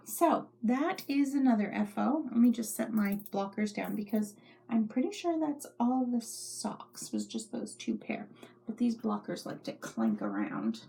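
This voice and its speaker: A woman's voice: fairly high pitch, big pitch swings, a little slow, creaky, darkish tone, slightly rough. A middle-aged woman hosting a knitting podcast from her home craft room, rambling chattily and often dropping into whispers. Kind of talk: casual show-and-tell chat.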